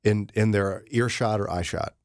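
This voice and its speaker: A man hosting a morning radio show, telling joking stories in a casual, animated chat. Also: on the low side, moderate pace, smooth, no room sound, studio quality. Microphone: studio microphone.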